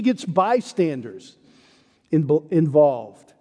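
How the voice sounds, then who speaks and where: A man preaching a sermon, telling a story with earnestness, rising high and loud on quoted denials and dropping low and soft on solemn points. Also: unhurried, in a large hall. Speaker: pastor.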